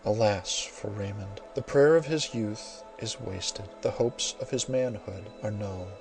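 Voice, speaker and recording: A man's voice: lowish voice, a little slow, over music, poor audio. A man voicing a fiery proud general. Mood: grandiose despair. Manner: declamatory, impassioned, grand oaths. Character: proud, fiery male general, raging and vowing.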